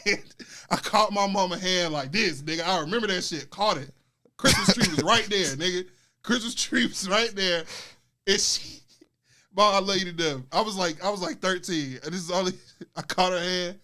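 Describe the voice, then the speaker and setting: Animated young guy telling stories, high bright voice, loud acted-out quotes. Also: moderate pace. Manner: animated, acts out quotes loudly. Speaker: podcast host. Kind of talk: casual storytelling chat.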